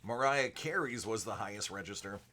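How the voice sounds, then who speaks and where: A man hosting a live card-break stream, chatting casually with viewers and moving between a projected announcer voice and a softer everyday voice. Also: fairly low pitch, expressive, normal speed, a little hiss or hum. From United States. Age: adult with a young son. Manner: chatty, answers viewers by name.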